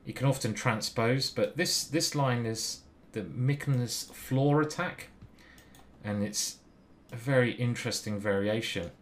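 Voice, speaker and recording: Chatty man commentating his chess game. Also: fairly low pitch. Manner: chatty, breaks off mid-story to call moves. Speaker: chess streamer.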